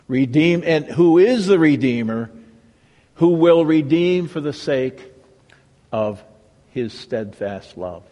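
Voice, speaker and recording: A male pastor preaching a sermon with a dramatic delivery that swings from raised emphasis to hushed, reverent tones. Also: mid-range voice, lively intonation, slow pace, long reverb tail.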